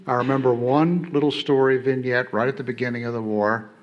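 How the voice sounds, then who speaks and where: A man's voice: mid-range voice, steady tone, brisk. A middle-aged man, an ambassador on a conference panel, making his point emphatically with rhetorical questions and repeated "okay?".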